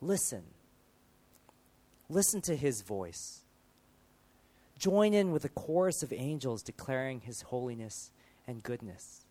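A man preaching a sermon, building through emphatic rhetorical questions and dropping to quieter moments. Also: mid-range voice, expressive, slow, pauses often.

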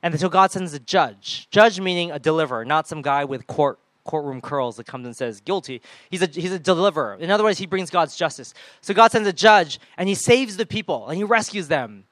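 A man preaching a sermon in a lively way, often acting out the people and voices he quotes. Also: on the high side, a little fast, few pauses, no echo. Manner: animated, acts out quoted voices.

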